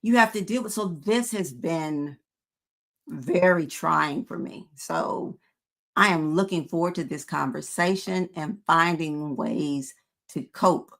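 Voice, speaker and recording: A woman in her fifties hosting a panel, talking frankly and conversationally with frequent pauses to gather her words. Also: sits low, fairly bright tone. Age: 50s. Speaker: host.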